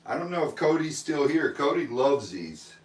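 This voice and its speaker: A man's voice: a little high, very animated, moderate pace, recorded from a distance. Man calling bids in an echoey room. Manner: chatty, calls bids and jokes. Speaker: live auction host. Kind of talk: casual live-stream auction chat. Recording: echoey room, a bit off-mic.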